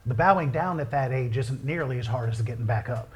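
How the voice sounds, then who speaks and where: Male pastor, mid pitch, preaching in a church: plain teaching, then fervent appeals with soft whispers. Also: brisk, hardly any pauses. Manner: builds from calm teaching to loud, impassioned pleading with hushed whispered asides; folksy, conversational preaching. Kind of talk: sermon.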